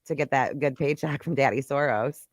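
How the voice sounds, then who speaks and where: A woman's voice: very deep voice, normal speed, no room sound, studio quality. A woman hosting a podcast in casual chat, brash and joking, rambling with lots of fillers. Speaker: podcast host.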